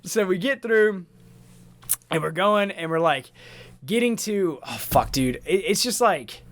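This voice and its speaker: Podcast host, male, slightly high voice, loud and swearing, jumps into yelling mid-story. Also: a little slow. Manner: animated, swears a lot, acts out his own screams. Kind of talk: profane casual storytelling.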